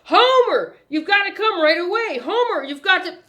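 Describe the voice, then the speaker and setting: A woman voicing a frantic shouting newsboy. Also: extremely high pitch, animated, unhurried, pitched above the performer's own voice, exaggerated voice. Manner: shouting, breathless urgency. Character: frantic young newsboy, boy.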